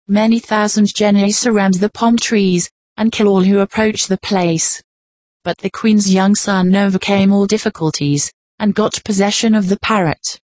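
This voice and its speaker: A woman reading folklore aloud as scripted narration at a measured, even pace. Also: medium pitch, dry recording.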